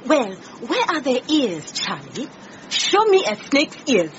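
A sharp-tongued scolding secretary. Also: female voice, high voice, wildly swooping pitch, slow, a little hiss or hum, exaggerated voice. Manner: scolding, argumentative. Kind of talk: radio drama acting. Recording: dull lo-fi radio drama recording.

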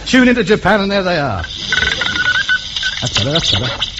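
A pompous, chatty amateur radio ham, with a high voice that leaps all over the place. He talks down to the people he calls in an exasperated way. The old recording is muffled, with steady hiss. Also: a little slow, full character voice. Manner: exasperated, over-explains loudly to foreigners. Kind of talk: 1950s radio comedy acting.

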